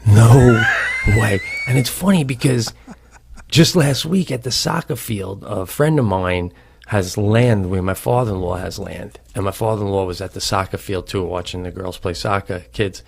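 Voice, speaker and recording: A man co-hosting a comedy podcast, telling a long story in an animated, rambling way, cursing and restarting his sentences. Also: fairly low pitch, moderate pace, gravelly, slightly rough. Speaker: podcast co-host. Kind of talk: casual storytelling.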